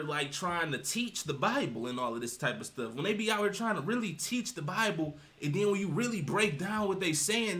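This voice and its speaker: A man's voice: fairly high pitch, bright, forceful tone. A man giving casual livestream commentary with a preachy, emphatic, rambling delivery that keeps citing scripture. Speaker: streamer commenting on reaction videos.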